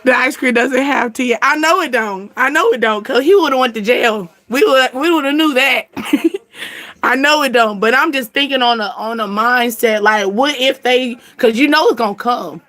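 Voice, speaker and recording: A woman chatting casually as a channel host, animated and slangy, laughing often. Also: high voice, moderate pace. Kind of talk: casual chat.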